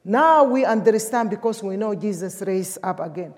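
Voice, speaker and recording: A woman's voice: medium pitch, expressive, normal speed. A woman from Sudan, preaching a sermon emphatically in English. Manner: emphatic, with non-native English grammar. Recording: long hall reverb.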